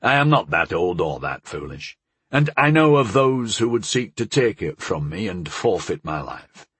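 Guy doing an old hedge mage, low slow husky voice, calm and wise, dry close sound. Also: exaggerated voice.

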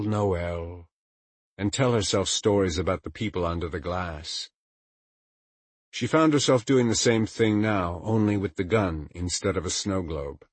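Deep, husky male audiobook narrator. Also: dry recording. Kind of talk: scripted narration.

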